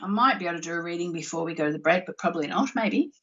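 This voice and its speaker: A woman's voice: lowish voice, expressive, very fast. A woman with an Australian accent hosting a spiritual live show, chatting casually and rambling with lots of filler words. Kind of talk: casual live-stream chat. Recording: muffled lo-fi recording.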